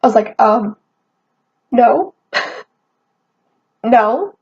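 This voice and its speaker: A young woman tells a casual storytime rant in a fairly high voice, animated and swearing freely. The recording is dull and lo-fi. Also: drawn-out words. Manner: swearing, animated, quotes herself often. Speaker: vlogger. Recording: dull lo-fi sound.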